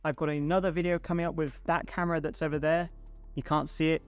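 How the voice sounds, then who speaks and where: A man talking casually to his camera at home, relaxed and enthusiastic, chatting to his viewers. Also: on the high side, fast talker, clean tone. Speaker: photography video creator. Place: indoors at home. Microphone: home studio mic.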